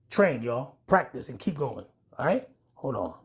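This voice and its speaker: A man with a husky, slightly worn voice talks straight to his viewers. He rambles and jokes in a loose, casual vlog delivery at a middling pitch. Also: big pitch swings, moderate pace. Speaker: handgun reviewer.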